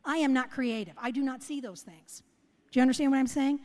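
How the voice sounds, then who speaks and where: A woman's voice: high voice, fairly quick, a little mellow. Earnest woman preaching in a reverberant church. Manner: earnest, conversational, asks the audience questions. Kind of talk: sermon with personal story. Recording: long hall reverb.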